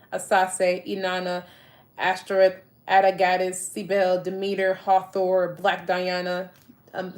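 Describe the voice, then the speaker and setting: A young woman chatting casually to her viewers about a book, reading passages aloud and riffing excitedly, laughing often. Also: mid-range voice. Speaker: book-discussing content creator.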